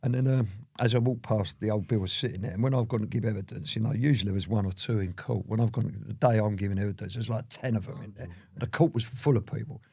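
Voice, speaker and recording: A man's voice: fairly low pitch, steady tone, fast, gravelly, hardly any pauses, warm tone, slightly rough, no echo, clean studio sound. A man, an interview guest telling his story in a rambling, casual way full of "you know".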